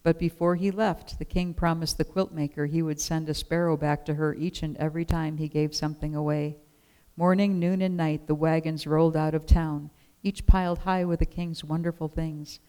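A storyteller reading a children's picture book aloud in a gentle, expressive way. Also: medium pitch, moderate pace, smooth, poor audio.

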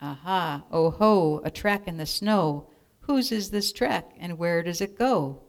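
A woman's voice: on the low side, lively intonation, takes it slowly. A woman reading aloud and voicing a bold young female monster child in a storybook, eager and wondering. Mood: curious.

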